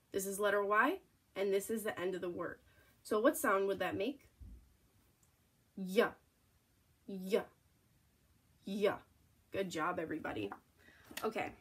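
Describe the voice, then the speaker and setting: A young woman teaches children letter and spelling sounds in a slow, encouraging way. She sounds out each letter and praises the class often. Her voice sits at a medium pitch. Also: breathy edge. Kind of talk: phonics lesson for young children.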